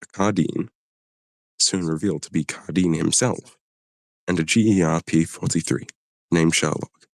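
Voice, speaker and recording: A man's voice: deep voice, steady tone, moderate pace, vocal fry, pauses often, no echo. A man streamer reading a story aloud on a live stream, short of breath and pushing through. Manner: reads steadily, breaking off to cough and apologize.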